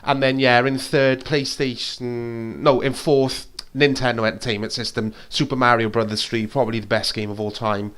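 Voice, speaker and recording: A man's voice: mid-range voice, flat delivery, normal speed, hardly any pauses, fairly bright tone, clear, resonant tone. A man, co-hosting a casual chat and talking in an enthusiastic, rambling way. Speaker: co-host.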